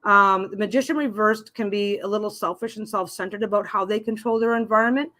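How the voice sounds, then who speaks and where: A woman's voice: medium pitch, steady tone, fairly quick, pushed and bright. A middle-aged woman hosting a live stream as a tarot reader, chatting casually and rambling, often restarting her sentences and reading viewer comments aloud. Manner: reads viewer comments aloud and answers them.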